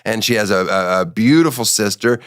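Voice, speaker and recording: A middle-aged man hosting a casual comedic interview, teasing his guest with deadpan banter. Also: on the low side, a little fast, smooth, dry recording, clean studio sound. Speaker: podcast host.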